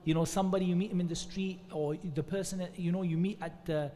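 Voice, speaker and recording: High-voiced man preaching in a hall. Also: fairly even intonation, quick pace, mellow. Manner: earnest, conversational, repeats devotional phrases. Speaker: preacher giving religious advice. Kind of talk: informal religious advice talk.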